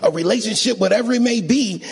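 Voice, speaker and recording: Gravelly preacher man calling out to congregation. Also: high-pitched, quick pace. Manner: call-and-response, asks audience to agree; emotional, rises to shouting and sing-song. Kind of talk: sermon.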